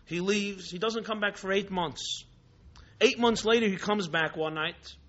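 A man teaches a religious class and tells stories with emphatic, rhetorical repetition. His voice is high and bright, and his delivery is animated. The recording sounds muffled and lo-fi. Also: measured pace. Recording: dull lo-fi recording.

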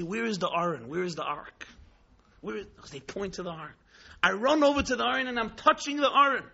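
A man telling a story in a sermon, dramatic, swinging between hushed tones and exclamations, mixing in Hebrew and Yiddish terms. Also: very high voice, vocal fry. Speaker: rabbi teaching Chassidus. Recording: dull lo-fi recording.

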